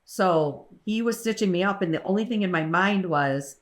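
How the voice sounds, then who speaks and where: A woman's voice: on the low side, normal speed. A woman co-hosting a casual podcast, telling candid, blunt stories among friends. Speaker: podcast co-host. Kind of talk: casual chat.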